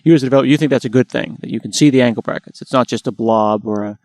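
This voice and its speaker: A man's voice: medium pitch, very fast, darkish tone, no room sound. Curious American male host. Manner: curious, questioning, self-deprecating. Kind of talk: casual tech interview.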